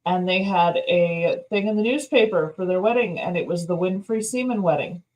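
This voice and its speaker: A woman's voice: on the low side, normal speed, darkish tone, lo-fi sound. A woman co-hosting a casual chat, telling amused anecdotes.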